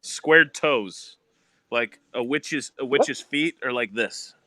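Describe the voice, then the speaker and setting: A man in casual, animated chat about tabletop games, laughing often and swearing freely. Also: mid-range voice, takes it slowly, no room sound.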